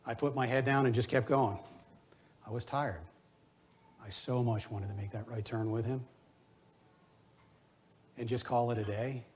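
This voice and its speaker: A man's voice: mid-range voice, a little mellow, slight background noise. A middle-aged man preaching a sermon as pastor, earnest and exhorting, weaving in personal stories.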